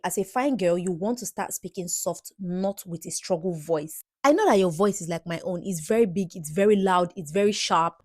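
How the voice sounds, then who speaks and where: A Nigerian-accented woman coaching her viewers in a teasing, emphatic way, her pitch sitting in an ordinary middle range. The sound is close and dry, with almost no room around it. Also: darkish tone, dry recording. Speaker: beauty and dating advice creator. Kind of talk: direct-to-camera advice monologue.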